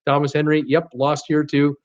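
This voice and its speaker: A man with a slight Canadian accent chats casually on a live stream, reading viewer comments aloud and laughing often between his many fillers. His voice sits fairly high. The audio is dull and lo-fi, recorded at home by his computer. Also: completely flat delivery, normal speed. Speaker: cruise channel host reading live chat.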